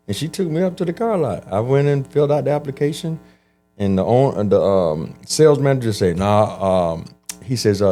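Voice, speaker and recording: A man telling his life story in an interview, animated and acting out the voices of people he quotes. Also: on the low side, fairly quick, soft background music. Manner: animated, acts out quoted voices, frequent restarts. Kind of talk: conversational storytelling.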